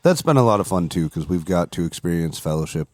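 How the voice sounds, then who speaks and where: Low-voiced male podcast co-host, relaxed and rambling, dry close mic. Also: fast talker, dry recording. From Wisconsin. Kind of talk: casual podcast chat.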